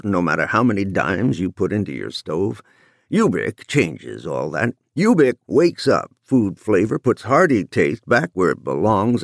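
A man voicing a gravelly, dark-voiced older businessman delivering a slow, emphatic television commercial. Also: on the low side, no room sound, studio quality, exaggerated voice.

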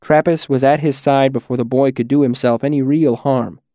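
Man, audiobook narrator, measured and quiet, mid-pitched, dry close recording. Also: fairly even intonation, no room sound. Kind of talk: first-person audiobook narration.

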